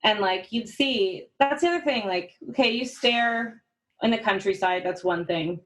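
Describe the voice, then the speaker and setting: A Canadian woman talks casually as a podcast guest. She tells animated stories packed with fillers and restarts, and she laughs often. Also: medium pitch, normal speed, low-quality recording. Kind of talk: casual chat.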